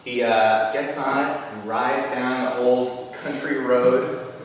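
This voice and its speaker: A male comedian retelling a novel on stage, sarcastic and laughing as he goes, sometimes mumbling and sometimes shouting. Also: medium pitch, steady tone, slow, heavy reverb, long reverb tail, far from the mic, slight background noise, poor audio. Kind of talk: stand-up storytelling.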